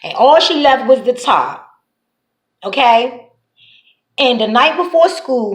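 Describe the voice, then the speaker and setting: Animated woman telling wild stories. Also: on the high side. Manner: animated, profane, slangy. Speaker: vlogger. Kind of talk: casual storytelling. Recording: echoey room.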